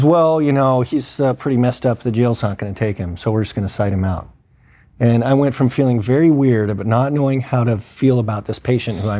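A man with a mellow, medium-pitched voice relates an emergency medicine experience in an easygoing conversational manner, performing the dialogue of those involved and using lots of fillers.

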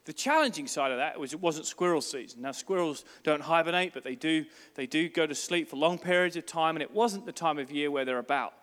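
A man's voice: a little high, a little fast, few pauses, fairly bright tone, long reverb tail. A man, a pastor preaching a sermon, telling stories with emphasis.

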